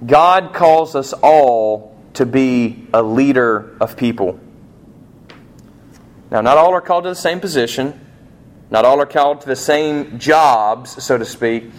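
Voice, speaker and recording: A man preaching a sermon in a conversational way, asking rhetorical questions and acting out quoted lines, slowing down to stress key points. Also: medium pitch. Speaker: pastor.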